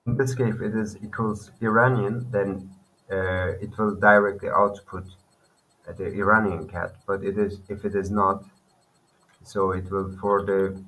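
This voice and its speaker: Low-ish voiced guy walking thru code, lots of uh's and restarts. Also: fairly even intonation, fairly bright tone, slight background noise, low-quality recording. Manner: halting, thinking aloud with fillers and restarts. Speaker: programming tutor. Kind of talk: screen-recorded coding tutorial.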